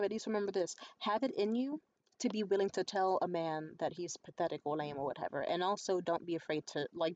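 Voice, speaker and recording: A young adult woman in a casual vlog monologue, telling stories in a blunt, profane and animated way. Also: lowish voice, dull audio. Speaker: vlogger.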